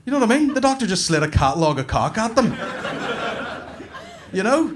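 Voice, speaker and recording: A man with a Northern Irish accent doing stand-up on a comedy club stage, telling profane stories with animated bursts. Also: high-pitched, a little fast, noisy background.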